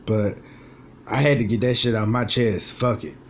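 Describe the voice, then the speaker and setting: A man's voice: mid-range voice, fairly even intonation, normal speed, a little hiss or hum. A man in his twenties telling his life story in a vlog, venting bluntly with lots of swearing and frustration. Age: 20s. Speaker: vlogger. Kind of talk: personal vlog monologue.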